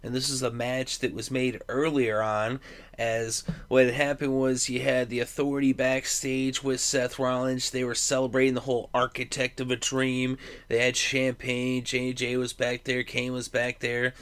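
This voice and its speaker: A man's voice: mid-range voice, monotone, moderate pace, fairly bright tone, smooth. A man giving a casual, rambling wrestling recap and opinion, full of fillers and asides. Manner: chatty, rambling, with many fillers. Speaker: wrestling commentary vlogger.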